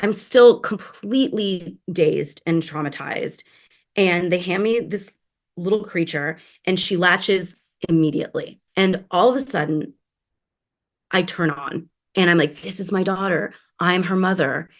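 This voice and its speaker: A woman's voice: lowish voice, a little slow. A woman in her thirties, a podcast guest telling a candid personal story and acting out the voices of people she quotes. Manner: animated, acts out quoted voices.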